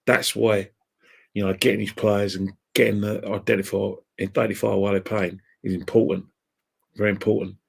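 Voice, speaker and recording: A man's voice: on the low side, little pitch movement, moderate pace, gravelly, slightly rough. A man talking casually as a podcast guest, rambling and opinionated and laughing at his own jokes. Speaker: podcast guest, football fan. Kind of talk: casual chat.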